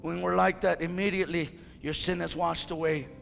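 A male pastor preaching a fiery sermon to his church, whose impassioned delivery rises to shouts. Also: a little high, flat delivery, fairly quick, gravelly. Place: church sanctuary. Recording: reverberant church hall with faint music.

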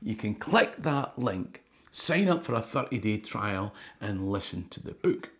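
A man's voice: fairly low pitch, sing-song, a little slow, a bit bright. A Scottish man hosting his own channel, talking to camera in a chatty, wry way and dropping Scots words into his English. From Scotland. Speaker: history tour guide and channel host. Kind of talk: casual talk to camera.

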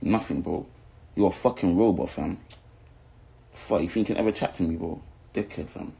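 Speaking at normal speed in a low, mellow voice with vocal fry and a breathy edge, a young South London rapper from London, England, rages to camera. His insulting, expletive-laden rant circles the same points again and again, and the audio is poor.

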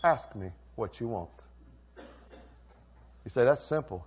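A male pastor preaching a sermon, swinging from quiet, intimate lines to loud, fervent ones. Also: mid-range voice, expressive, takes it slowly, pauses often, breathy edge. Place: church sanctuary.

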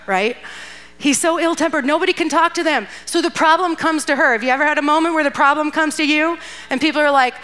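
A woman with a high, bright, forceful voice speaks fairly quickly as a guest speaker at a church youth event. She gives a casual, playful sermon, retelling a Bible story in a chatty way, acting out characters' lines with asides and laughs.

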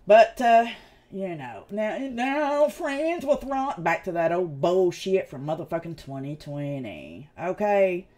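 A woman's voice: on the low side, sing-song, slow, darkish tone. A woman with a Southern East Tennessee accent, hosting a casual livestream and ranting bluntly and profanely. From United States. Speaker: channel host.

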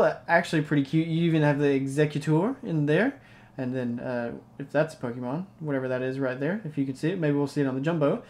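A man hosting a casual unboxing video, talking excitedly and rambling as he opens card packs. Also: fairly high pitch. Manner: excitable, rambling, hyped reactions. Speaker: card-opening channel host.

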